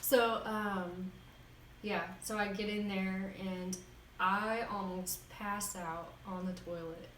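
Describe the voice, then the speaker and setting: A woman's voice: mid-range voice, takes it slowly. Laughing woman telling a story in a roomy room. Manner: animated, laughs often. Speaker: vlogger. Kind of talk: casual storytelling. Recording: roomy echo, distant mic, faint noise.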